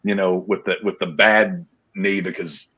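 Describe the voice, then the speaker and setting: A man's voice: sits low, steady tone, unhurried, sharp tone, breathy edge, poor audio. A man in his thirties co-hosting a casual podcast chat. He rambles in a self-deprecating way and swears freely. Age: 30s. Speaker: podcast co-host.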